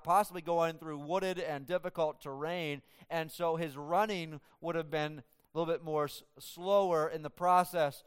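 A man preaching through a scripture passage in a slightly higher voice with a smooth, resonant tone. He is animated and acts out the characters' dialogue in shifting voices as he teaches. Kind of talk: expository sermon.

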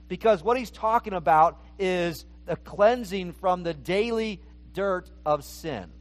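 A man with a notably high voice preaches a verse-by-verse sermon. He talks earnestly and often repeats a word as he restarts a phrase. He speaks in the manner of a pastor teaching his congregation. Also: unhurried. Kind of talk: expository sermon.

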